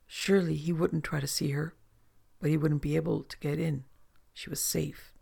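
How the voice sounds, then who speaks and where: A narrator reads a literary story with measured restraint. The voice is strongly gravelly and a little husky, and faint music plays underneath. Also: medium pitch, little pitch movement, warm tone.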